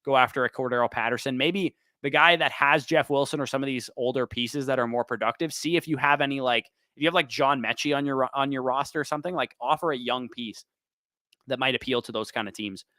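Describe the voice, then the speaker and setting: A man hosting a livestream Q&A, quickly reading off player choices and picking one, while he is losing his voice. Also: mid-range voice, bright, forceful tone, no echo. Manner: quick, listing names then picking one. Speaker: fantasy football show host. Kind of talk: livestream Q&A, rapid-fire start/sit answers.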